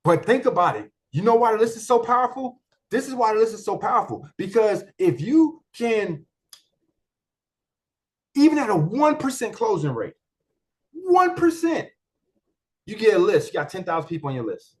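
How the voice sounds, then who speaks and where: A man presenting a marketing software walkthrough in a casual training talk, colloquial and repetitive, full of rhetorical questions. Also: high-pitched, big pitch swings, moderate pace.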